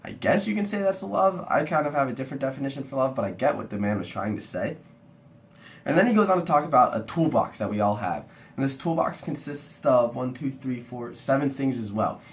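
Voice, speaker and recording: A young man and university student, sick and with a rough-sounding voice, talking through a talk he watched in a rambling, casual way. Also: medium pitch, animated, brisk, a little hiss or hum. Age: young adult. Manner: chatty and rambling, lots of "kinda". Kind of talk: casual video review.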